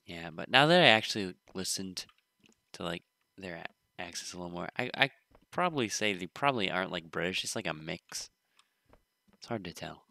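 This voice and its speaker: A man's voice: deep voice, animated, moderate pace, gravelly, sharp tone, no room sound. A young man giving casual let's-play commentary, rambling with joking asides. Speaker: gaming video host.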